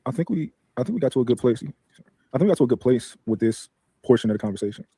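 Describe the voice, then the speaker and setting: A co-host reads out audience questions and steadily moves the talk to its next part. The voice is dark and mellow and the pace is quick. The sound is dry and close. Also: medium pitch, expressive, slightly rough, no echo. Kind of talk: casual chat.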